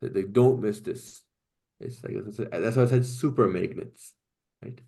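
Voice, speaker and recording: A man teaching a Quranic Arabic class, explaining grammar patiently, often checking with "right?" and "okay?", and reciting verses quickly. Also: lowish voice, vocal fry, warm tone, slightly rough.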